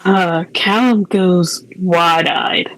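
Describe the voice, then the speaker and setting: A woman narrating her character in a tabletop game, lowish voice and a slow, hesitant pace. The sound is dry and close. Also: no echo, poor audio. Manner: hesitant, soft-spoken narration. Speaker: player.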